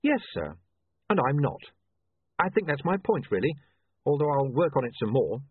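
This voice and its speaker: A man's voice: mid-range voice, sing-song, normal speed, slightly rough, no echo. A man voicing a polite, earnest young male reporter who speaks in a deferential way. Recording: tinny, dry, phone-like sound.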